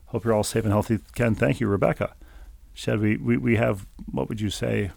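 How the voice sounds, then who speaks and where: A man's voice: lowish voice, fairly even intonation, brisk, creaky, a little mellow, no echo. A man co-hosting a podcast, reading listener emails aloud with dry, wry asides in casual chat.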